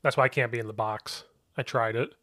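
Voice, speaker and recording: A man's voice: medium pitch, a little fast, no room sound, clean studio sound. A man who coaches football, chatting casually on a podcast and telling stories with acted-out quotes. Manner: animated storyteller, acts out shouted quotes.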